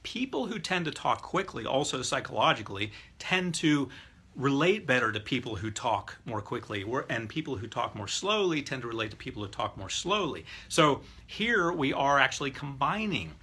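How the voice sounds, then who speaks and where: A man's voice: medium pitch, sing-song, normal speed, bright, forceful tone, slightly rough. A middle-aged man lecturing a live class on rapport techniques, explaining step by step and demonstrating voices and breathing aloud. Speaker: hypnotist teaching NLP.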